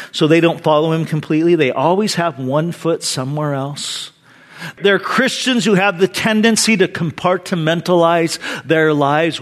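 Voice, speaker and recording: A man in his fifties, a pastor giving a sermon in an animated, conversational storytelling way. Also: sits high.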